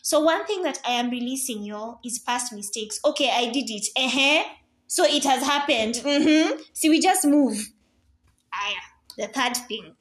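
A young woman, chatting casually on a solo podcast. She talks in an animated way, slips in Swahili words and acts out little voices. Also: high voice, normal speed. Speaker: podcast host.

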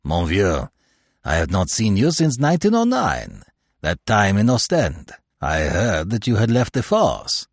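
A man's voice: fairly low pitch, huge pitch swings, a little slow, no room sound, clean studio sound, full character voice. A man voicing a stout, bustling middle-aged French police commissary who talks effusively. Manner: effusive and talkative.

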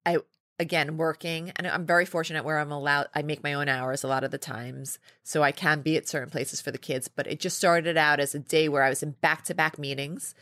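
Brief: woman in her 40s, low voice, lively storyteller, close dry mic. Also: dry recording. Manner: lively storytelling with laughs and quick restarts. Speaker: podcast guest, company founder. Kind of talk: casual interview chat.

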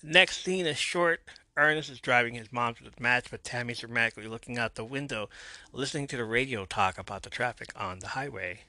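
A man's voice: mid-range voice, brisk, sharp tone, dry recording. A man hosting a podcast, casually retelling a TV episode scene by scene and reading out the characters' lines. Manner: retells scenes and reads quotes with a few asides. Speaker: podcast host recapping a TV episode.

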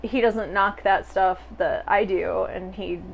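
A woman's voice: mid-range voice, fairly even intonation, unhurried, vocal fry, lo-fi sound. Woman, podcast host, casual chat, giggly, swears offhandedly, faint background noise. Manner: chatty, laughs often, swears casually.

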